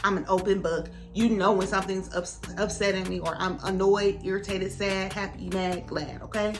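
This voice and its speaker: Young woman doing a storytime vlog, super expressive, jumps way up in pitch for other people's lines, faint music behind. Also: moderate pace. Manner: animated, dramatic retelling with voices for others. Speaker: vlogger telling a story.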